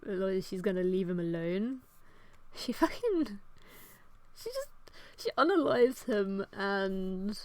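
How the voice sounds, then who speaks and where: A young woman chats while she draws, rambling through a story with constant "like" and "um" and plenty of swearing. She talks slowly and without hurry, and her voice sits at a middling pitch. The sound is dry and close, with no room echo. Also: clear, resonant tone. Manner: rambling, lots of "like" and "um", frequent swearing. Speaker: artist and video host. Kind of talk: casual chat while drawing, retelling a story.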